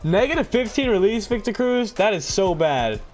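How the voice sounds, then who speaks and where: A young man giving excited play-by-play while gaming, jumping between loud shouts and laughter and low muttering. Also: normal speed. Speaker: gaming video host. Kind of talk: excited gameplay commentary. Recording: game music underneath.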